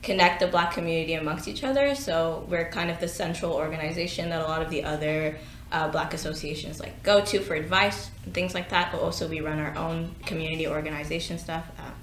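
A woman guest from a student association, explaining its work in a quick, casual, informative way. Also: low voice, a bit bright, echoey room, slight background noise. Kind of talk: casual chat.

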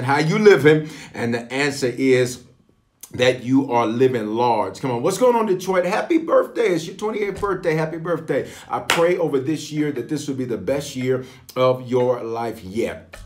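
Lively pastor hosting a livestream. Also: male voice, mid-range voice. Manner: lively, call-and-response greetings to viewers. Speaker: pastor leading online prayer.

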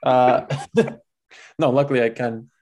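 A man's voice: on the low side, steady tone, brisk, darkish tone, muffled recording. A young man telling a personal story in a casual, chatty way, with many filler words, laughing at himself now and then. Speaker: guest telling his vocation story.

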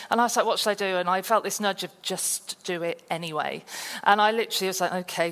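Chatty woman from the English South Coast. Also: medium pitch. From South Coast of England. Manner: chatty storytelling, lively and self-deprecating. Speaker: guest speaker at a conference. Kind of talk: testimony talk. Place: church hall. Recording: reverberant hall.

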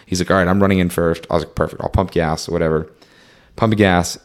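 Talking fast in a low, fairly even voice, a young man spins a long, rambling travel tale in casual conversation. He fills it with "like" and "um" and acts out what he and his friends said.

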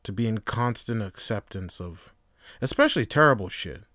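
A podcast host talks alone in a casual, profane, rambling style, moving between quiet reflection and lively storytelling. His voice is on the low side at a moderate pace, recorded dry with studio quality.

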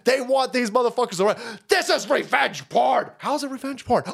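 A man's voice: very high voice, a little fast, gravelly, hardly any pauses. A man hosting a stream, ranting crudely with mocking asides and frequent laughter. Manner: crude, mocking, laughs often, mimics people in voices. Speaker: streamer host. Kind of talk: profane ranting commentary stream.

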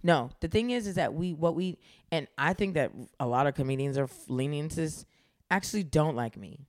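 A woman comedian, chatting as a podcast guest, animated and swearing freely. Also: deep voice, a little fast, no room sound, studio quality. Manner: animated, swears freely, acts out quoted voices. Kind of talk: casual podcast chat.

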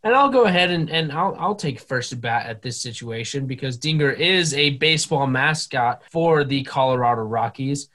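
A man's voice: mid-range voice, expressive, moderate pace, hardly any pauses, a bit bright. A young man co-hosting a casual podcast, joking and swearing freely as he leads the chat. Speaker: podcast co-host.

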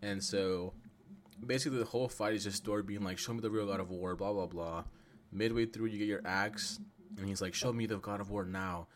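Low-voiced blunt, swearing podcast guy. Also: fairly quick. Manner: blunt, excitable, heavy swearing. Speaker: podcast co-host. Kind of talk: casual gaming podcast chat.

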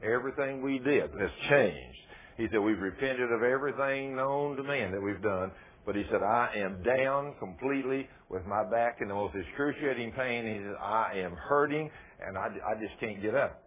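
A man's voice: medium pitch, expressive, moderate pace. A man preaching a sermon, telling testimony stories in a folksy way that rises to fervent emphasis. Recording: tinny phone-like radio broadcast, faint noise.

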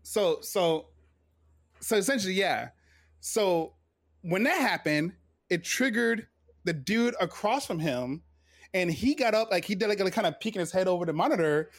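A man in his forties, a retired Navy veteran, telling a personal story in a casual interview, animated and full of fillers and restarts. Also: high voice, moderate pace, no room sound, studio quality.

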